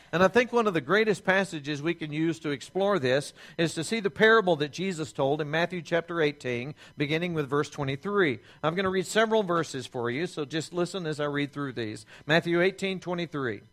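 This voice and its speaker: A man preaching a sermon as pastor, slowing down to stress key phrases and reading scripture aloud. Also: a little high, expressive, fairly bright tone. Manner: reads scripture aloud with pleading quoted voices.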